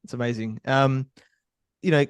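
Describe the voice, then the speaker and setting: A man's voice: medium pitch, steady tone, normal speed, clear, resonant tone, dry recording. A man hosting a business podcast, affirming and casual with many fillers. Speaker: podcast host. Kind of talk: podcast interview.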